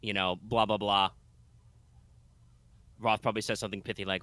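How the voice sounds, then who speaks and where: A man's voice: lowish voice, flat delivery, normal speed, bright, forceful tone, no echo. A man narrating a tabletop game as game master, rambling with many fillers and restarts.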